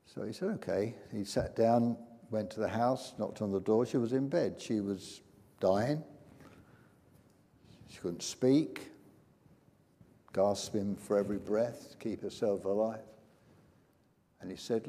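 An older man preaching a sermon in a church, emphatic and building to loud peaks. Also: fairly low pitch, a little slow, long pauses. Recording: long hall reverb.

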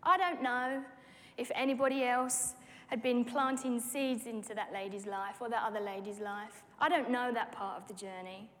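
A woman preaching a personal testimony sermon, telling the story with lively acted-out dialogue. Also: on the high side, moderate pace. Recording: long hall reverb.

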